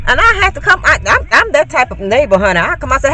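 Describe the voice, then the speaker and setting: A woman's voice: high voice, big pitch swings, fast talker, few pauses, pushed and bright, poor audio. A woman in her fifties, vlogging from her car on a phone, chatty and lecturing, calling her viewers honey. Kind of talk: casual vlog talk. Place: in a car, parking. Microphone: phone camera.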